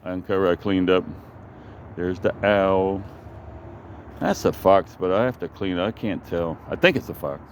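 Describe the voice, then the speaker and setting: A man's voice: low-pitched, moderate pace, long pauses, slight background noise. Rambling, profane man telling a story. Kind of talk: casual storytelling vlog. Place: outdoor backyard.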